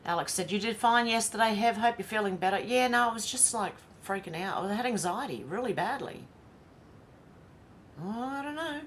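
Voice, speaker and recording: An Australian woman with an Australian accent hosts a live stream in a casual, chatty way, often laughing to herself as she reads viewer comments aloud. Her mid-range voice moves a little fast with few pauses, over a slight hiss or hum.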